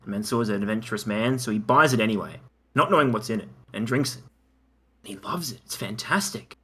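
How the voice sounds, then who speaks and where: A man telling an improvised comic story as a podcast co-host, narrating scene by scene. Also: a little fast. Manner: animated, narrating a silly pitch.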